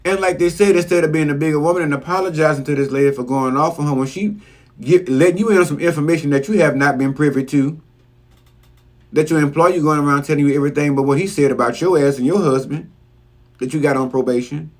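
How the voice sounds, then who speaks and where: A man's voice: a little high, quick pace, a little mellow. A man giving a casual, profane recap of a reality show episode, scolding the cast bluntly. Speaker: reality TV commentator.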